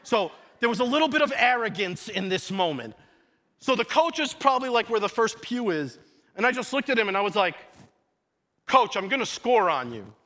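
A young man preaching a sermon, moving between casual storytelling asides and loud emphatic shouted declarations. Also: very high voice, animated, a little fast. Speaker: pastor.

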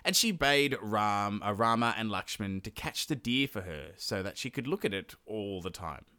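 A man's voice: on the low side, lively intonation, normal speed, hardly any pauses, pushed and bright, clean tone, dry recording, studio quality. A man co-hosting a podcast, retelling a myth in a casual, joking way with slang. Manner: joking, slangy, acts out characters in asides. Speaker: podcast co-host.

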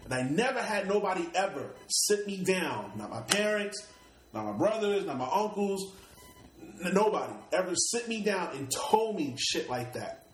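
Sitting high in pitch with big swings and a moderate pace, this middle-aged Brooklyn-born rapper recounts stories for an interviewer in a thick New York accent. He's streetwise and loose, cursing freely and often repeating or restarting words. The recording is rough and roomy, with slight background noise.

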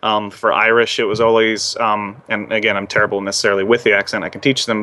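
A young man talks loosely and at length, full of ums and restarts, as he explains coaching theme park performers. His voice sits fairly low but comes across bright and forward. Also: flat delivery, quick pace, few pauses. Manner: rambling with many fillers and restarts. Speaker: former theme park performer and accent trainer. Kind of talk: casual interview chat.

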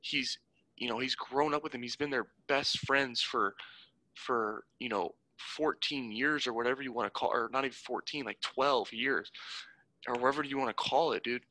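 A man's voice: medium pitch, moderate pace, pushed and bright, no echo, poor audio. A young man telling a story in a casual conversation, rambling and heated, with many restarts. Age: young adult.

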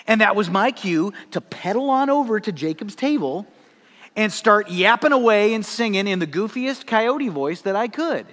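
A male pastor preaching a sermon in an animated storytelling manner, with laughing asides. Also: sits high, normal speed, long reverb tail.

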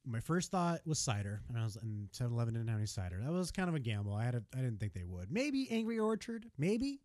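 Rambling, animated American man on a podcast. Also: medium pitch, rapid-fire, dry recording. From United States. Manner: rambling, animated, many restarts and self-corrections. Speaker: podcast co-host. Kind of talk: casual chat.

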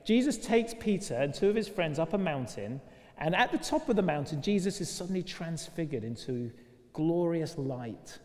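A man preaching a sermon in a lively, conversational way, full of rhetorical questions, recorded in a church. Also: a little high, normal speed. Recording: long reverb of a large church.

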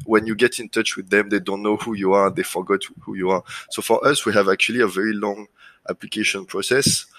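A man's voice: lowish voice, no room sound, poor audio. A man from France with a French accent, talking casually as an interview guest, full of fillers and restarts. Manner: relaxed, many fillers and restarts. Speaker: guest, lead generation business owner.

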